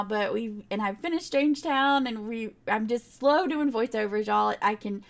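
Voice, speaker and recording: A young woman, chatting casually in a rambling voiceover over her game build, full of fillers and little laughs. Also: on the high side. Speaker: game builder narrating a speedbuild.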